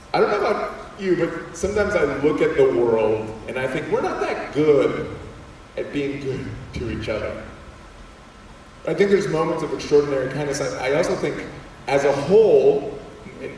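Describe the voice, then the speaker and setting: A man's voice: fairly high pitch, a little hiss or hum. A young man giving a storytelling talk to students in a school auditorium, acting out voices as he tells it. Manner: animated storytelling with acted-out voices. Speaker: guest speaker. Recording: echoey hall, voice from far off.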